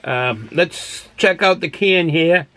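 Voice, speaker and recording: An older man with a thick Boston accent rambles through a casual beer review, folksy and full of filler words and false starts. His voice sits a little high for a man. The sound is dry and close, with no room echo. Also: expressive, takes it slowly, fairly bright tone. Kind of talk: casual product review monologue. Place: cool home den he calls a man cave.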